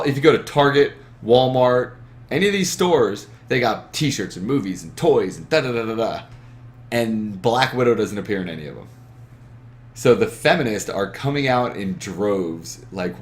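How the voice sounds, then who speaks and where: A young man hosting a gaming podcast from a webcam setup, talking in a rambling, profane, emphatic way. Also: fairly low pitch. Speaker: podcast host. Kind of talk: casual chat.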